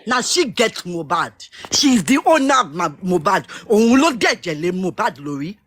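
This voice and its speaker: A woman speaking with impassioned emphasis in a heated live audio chat, at times raising her voice to a shout. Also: medium pitch, big pitch swings, moderate pace, breathy edge. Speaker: participant in a live audio discussion.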